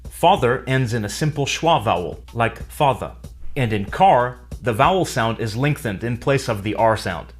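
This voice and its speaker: Clear man explaining English grammar. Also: medium pitch, expressive, normal speed, hardly any pauses, faint music behind. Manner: clear, explanatory, dryly humorous. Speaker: English teacher. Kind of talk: scripted educational narration.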